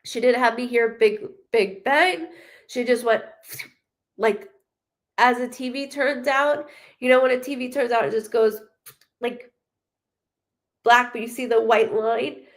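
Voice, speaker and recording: A woman giving a psychic reading on a live stream. She talks in a halting, rambling way, with many restarts, and she is emotional and blunt, swearing freely. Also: on the high side, steady tone. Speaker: psychic medium.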